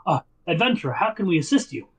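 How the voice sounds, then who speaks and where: A man's voice: sits high, very animated, fast, husky, voice pushed up, full character voice, low-quality recording. A man voicing a deferential male guard captain who addresses the party politely. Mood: eager. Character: respectful male guard captain, eager to help.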